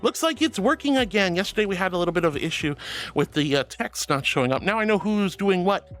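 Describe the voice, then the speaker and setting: A woman's voice: mid-range voice, expressive, quick pace. Sweet-talking, giggly female streamer. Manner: gushing, affectionate, giggly. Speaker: live streamer. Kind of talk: casual live-stream chat.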